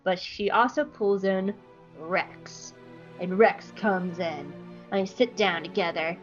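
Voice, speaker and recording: A woman co-hosting a podcast, recapping an episode in a lively, joking way and briefly mimicking the characters. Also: mid-range voice, slow, dull audio, faint music behind. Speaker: podcast co-host.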